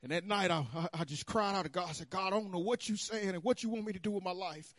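A man preaching a sermon, telling his own story with animated swings between hushed and loud. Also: sits high, fast, dry recording, studio quality. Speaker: pastor. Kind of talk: sermon testimony. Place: church sanctuary.

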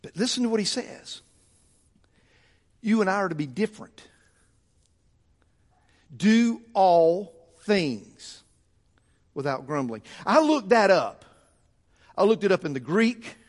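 A high-pitched man preaches in a church. He hammers his points home through repetition, and his voice rises and swells as the sermon builds. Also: lively intonation, normal speed, long pauses. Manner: fervent, repetitive preaching with rising emphasis. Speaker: pastor. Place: church sanctuary.

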